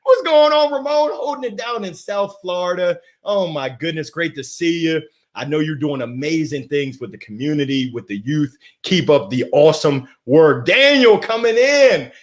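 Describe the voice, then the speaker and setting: Exuberant high-voiced man hosting live. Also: expressive, normal speed. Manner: exuberant, laughs often, greets viewers by name. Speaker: host of a live motivational stream. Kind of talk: lively live-stream chat reading comments.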